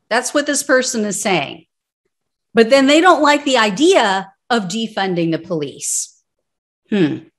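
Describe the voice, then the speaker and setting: A woman's voice: fairly high pitch, animated, measured pace. A woman commenting on political news, reading out court records and breaking into sarcastic, indignant asides.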